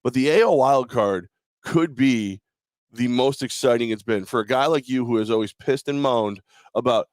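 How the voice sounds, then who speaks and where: A man's voice: medium pitch, normal speed, no room sound, studio quality. A hungover man co-hosting a casual sports talk show, rambling and joking with frequent laughs. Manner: rambling, jokey, laughs often.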